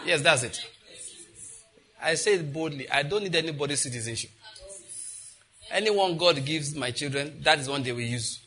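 An adult married pastor preaches a sermon in a fairly high, bright, forceful voice at a brisk pace. Bold and humorous, he leads the congregation through repeated call-and-response declarations.

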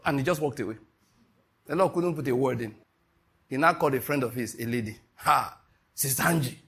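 A middle-aged man preaching a sermon, an animated storyteller who acts out the voices in his stories. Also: medium pitch, brisk, slightly rough. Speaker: pastor.

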